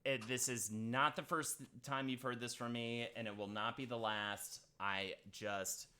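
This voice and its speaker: A man's voice: mid-range voice, fairly even intonation, measured pace, pushed and bright. A young man hosting a casual livestream, joking around and then speaking earnestly and heartfelt to his wife. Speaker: streamer host.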